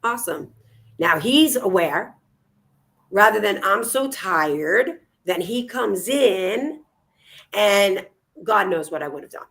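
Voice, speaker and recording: A woman co-hosting a casual talk show in a mid-pitched voice. She talks energetically and directly to her listeners, encouraging them. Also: lively intonation, slow, pauses often, fairly bright tone. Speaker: co-host. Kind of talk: casual chat.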